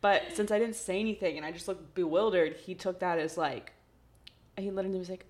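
Chatty young woman, low voice. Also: steady tone, a little fast, darkish tone. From Texas, USA. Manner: chatty, laughing, heavy use of "like". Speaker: podcast host. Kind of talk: casual chat.

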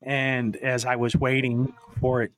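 A man's voice: medium pitch, flat delivery, measured pace, a bit bright, no room sound. A man hosting a podcast, rambling through stories and chuckling as he goes. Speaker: podcast host. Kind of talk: casual chat.

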